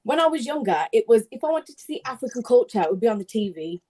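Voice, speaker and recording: A woman's voice: fairly high pitch, sing-song, quick pace, darkish tone, breathy edge, poor audio. A woman hosting a heated panel debate, talking bluntly and swearing. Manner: blunt, swears, mocks in put-on voices.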